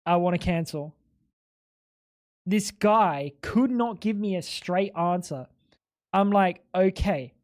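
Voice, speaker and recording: A man's voice: sits high, a little mellow. Ranting man streaming. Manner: ranting, profane, exasperated. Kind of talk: casual live-stream chat.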